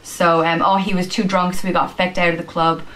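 A woman from Ireland with an Irish accent, patiently explaining slang phrases and acting out examples, with frequent pauses and "um". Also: lowish voice, level tone, a bit bright, slight background noise, low-quality recording. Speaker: slang teacher in a video.

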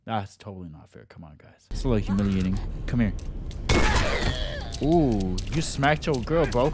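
A man commentating his own horror game playthrough, slangy and excitable, bursting into high yelps when startled. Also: moderate pace, very noisy. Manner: slangy, says bro a lot. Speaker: gaming YouTuber. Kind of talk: let's play commentary. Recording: game music playing loud behind.

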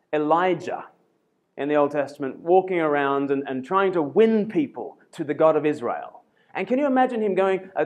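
A man preaching at a conference, animated and acting out quoted voices. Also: fairly high pitch. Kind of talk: conference talk.

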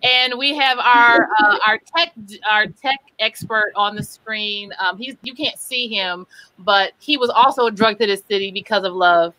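A woman moderates a live panel discussion in a bright, forceful voice, recorded dry and close. She asks long, winding, multi-part questions and restarts her sentences often as she works toward her point. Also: medium pitch, unhurried, no room sound, poor audio.

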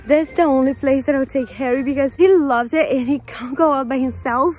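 A woman's voice: high-pitched, brisk, few pauses, a little mellow. A woman chatting casually in an outdoor vlog while talking to her baby. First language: Portuguese. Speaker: vlogger. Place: outdoors at a park.

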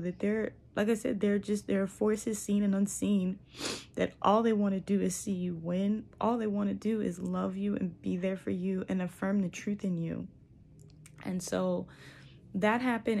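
A young woman with a medium-pitched, gravelly, somewhat dark voice tells a personal spiritual story. She's a vlogger reflecting casually on her journey, her speech peppered with "like" and "you know."

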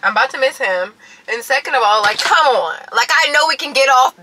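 A woman and mom of three vlogging casually to her viewers, chatty and animated, laughing often, filming on a phone from her car and out shopping. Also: high-pitched, a little fast, background noise. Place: in a car, later inside a large store. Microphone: phone on a car mount.

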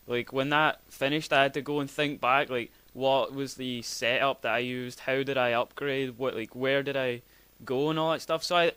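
A man's voice: medium pitch, fairly even intonation, moderate pace, a bit bright, smooth, no room sound. A young man as a podcast guest, talking casually in a rambling, hesitant way with many restarts. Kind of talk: casual chat.

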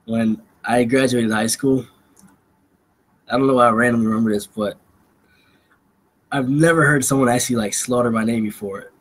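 A man's voice: mid-range voice, fairly even intonation, moderate pace, long pauses, fairly bright tone, poor audio. A young man chatting casually in a laid-back, mumbling way that often trails off. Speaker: participant in casual recorded chat. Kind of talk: casual chat.

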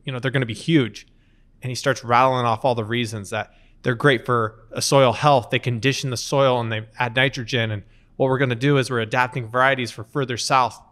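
A man in his thirties, an interview guest, telling lively anecdotes in conversation and acting out quotes along the way. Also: mid-range voice, a little fast. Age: 30s. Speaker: company co-founder, interview guest. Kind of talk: conversational storytelling.

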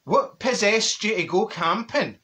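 A man's voice: sits high, lively intonation, measured pace, bright, forceful tone, heavily acted. A man playing a brash, straight-talking older woman from Glasgow with a Glaswegian accent, rambling through a comic monologue full of asides and cackling laughter. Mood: gossipy. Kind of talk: character comedy monologue.

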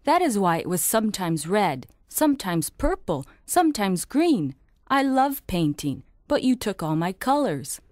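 A woman's voice: medium pitch, big pitch swings, unhurried, a little mellow, no echo, studio quality. An actress playing a blunt, kind-hearted young American girl who scolds frankly. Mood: scolding. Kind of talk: scripted audiobook drama.

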